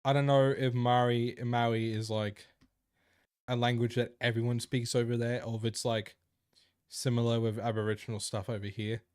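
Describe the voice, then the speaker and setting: A man's voice: mid-range voice, level tone, normal speed, darkish tone, clean tone, dry recording. Brief: young male streamer, casual banter with chat, close dry mic. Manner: joking, crude, chatty with viewers. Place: indoor room.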